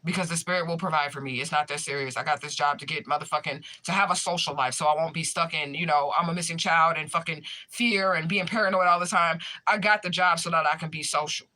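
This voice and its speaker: A woman's voice: deep voice, fairly even intonation, quick pace, hardly any pauses, bright, forceful tone. A young woman chatting casually with her viewers, telling a story in an emphatic, profane way. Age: young adult. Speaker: spiritual medium streamer.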